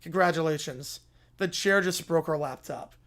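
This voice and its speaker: A man voicing a grumpy, deadpan male sidekick who answers with dry sarcasm in a comic skit. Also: normal speed, lightly acted. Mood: sarcastic. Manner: dry, sarcastic, low and flat.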